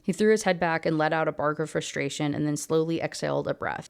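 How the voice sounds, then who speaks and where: A woman's voice: low-pitched, steady tone, fast, creaky, few pauses, smooth. A woman giving a casual rant review of a book, rambling and heavy on fillers.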